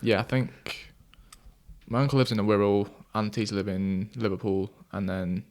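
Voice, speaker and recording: A man from England, a guest on a podcast, giving low-key, plain answers in casual interview chat. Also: steady tone, normal speed, a little mellow. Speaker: podcast guest, music producer.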